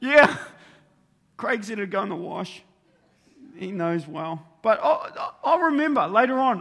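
High-voiced man preaching in an echoey hall. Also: normal speed, creaky. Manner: animated storytelling, acts out his own thoughts. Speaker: pastor. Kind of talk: sermon. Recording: long reverb of a large hall.

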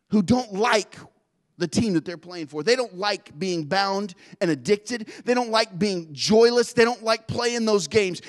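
A man preaching a sermon with an intense, driving delivery that swells into loud emphatic rises. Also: sits high. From not Australian.

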